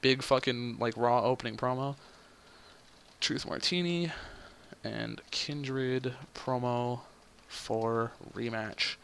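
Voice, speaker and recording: A man's voice: medium pitch, steady tone, takes it slowly, vocal fry, a bit bright, slight background noise. A man hosting a let's play, rambling and thinking aloud in casual, profane gaming commentary.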